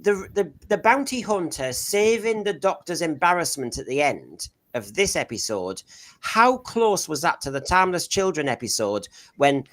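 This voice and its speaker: Chatty man with a slightly high voice. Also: sing-song, normal speed, a bit bright. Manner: rambling, laughs mid-sentence, searches for names. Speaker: podcast co-host. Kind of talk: casual podcast discussion.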